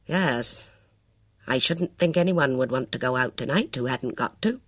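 A reader voices a reserved police chief inspector who mutters his thoughts. The voice drops a little lower and quieter than the narration. Dry, close sound. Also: animated, measured pace, no room sound. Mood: musing. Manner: low-key, musing.

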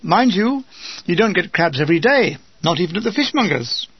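Man, memoir narration, high gravelly voice, dry comic storytelling, dull dry recording. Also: big pitch swings, fairly quick, dry recording. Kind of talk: memoir reading.

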